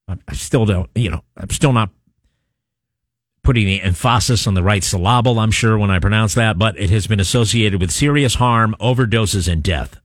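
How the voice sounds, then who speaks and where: It's a talk radio show: the male host, lowish-voiced, reads a news story and takes texts, chatting with wry asides and frequent "uh" fillers. He's recorded in a radio studio on a studio microphone, with studio quality and no echo.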